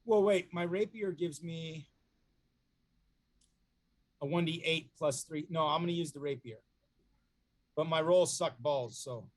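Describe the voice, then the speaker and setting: A man playing a tabletop game, thinking out loud in halting bursts. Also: fairly high pitch. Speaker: tabletop player.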